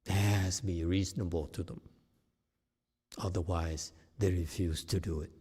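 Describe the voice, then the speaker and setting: A male meditation teacher giving a dharma talk, emphatic and often checking with his listeners whether his point is clear. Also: low voice, steady tone, moderate pace, dark tone.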